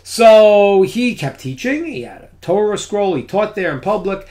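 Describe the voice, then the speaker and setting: A man teaching a Torah lesson as an animated storyteller who drops to a hushed near-whisper at dramatic moments. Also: high-pitched, a little slow.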